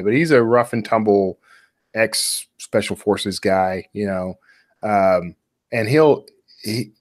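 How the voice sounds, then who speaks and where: A man with a lowish voice talks through his writing methods in a loose, easygoing way, stopping on fillers as he goes. His voice comes across dry and close, with no room echo. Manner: relaxed, explanatory, many fillers. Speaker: author guest. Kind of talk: casual writing-craft chat.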